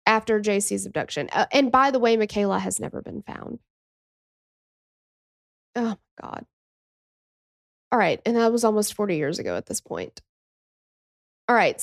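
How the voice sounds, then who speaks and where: A woman's voice: on the high side, no room sound, studio quality. A woman in her thirties hosting a true crime podcast, telling the story in a chatty, emotional way with asides and acted-out quotes. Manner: acts out quoted people in a shifting voice.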